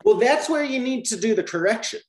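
A man's voice: very high voice, a little fast, echoey room, crowd noise. A man explaining teaching methods to trainee teachers in a Q&A, often checking with "right?". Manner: lively, repeats "right?" to check understanding.

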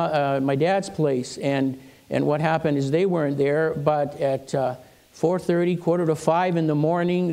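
Older pastor with a gravelly voice. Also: male voice, on the high side, mellow. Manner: conversational storytelling, acts out quoted voices. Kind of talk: sermon with personal stories. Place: church.

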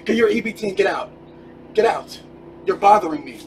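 Guy yelling bro every few words, high fast voice, kinda off mic in a noisy rv. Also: animated, distant mic. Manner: aggressive, confrontational, says bro constantly. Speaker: streamer in a heated argument. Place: inside an RV.

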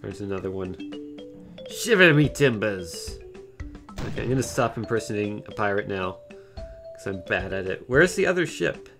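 A man's voice: fairly low pitch, lively intonation, brisk, music in the background. Dry, sarcastic man streaming a game. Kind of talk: casual game commentary.

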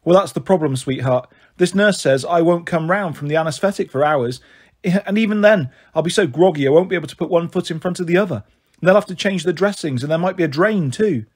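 Male reader as a busy, loving mum, husky and rushed. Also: on the high side. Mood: hurried. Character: hospitalised mum, warm and hurried.

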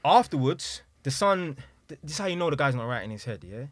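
A man with a London accent, a podcast guest telling a lively anecdote full of London street slang. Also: medium pitch, fairly quick, no echo, clean studio sound. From London, England. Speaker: podcast guest, property investor. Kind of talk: casual storytelling.

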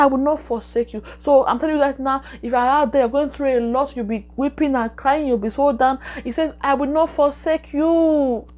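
A woman preaches and leads prayer in a fairly high voice. She works by repetition, pressing each phrase again and again with exhorting emphasis. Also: darkish tone. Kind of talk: sermon and prayer.

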